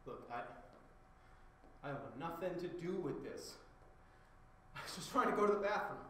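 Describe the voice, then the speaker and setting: A man with a high, animated voice improvises comedy bits in a green screen studio, swinging from mocking shouts to deadpan grumbles. His tone is bright and sharp, and he swears freely. The sound is very roomy and echoey, with a faint hiss behind him. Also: a little slow. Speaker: streamer acting out green screen clips. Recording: very echoey room.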